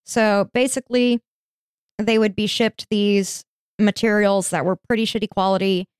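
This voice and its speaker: A woman hosting a podcast, narrating history in a casual, chatty way with joking asides. Her voice is smooth and clear, and the recording is dry and close. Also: medium pitch, fairly even intonation, moderate pace, dry recording. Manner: laughs easily, jokey asides. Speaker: podcast host.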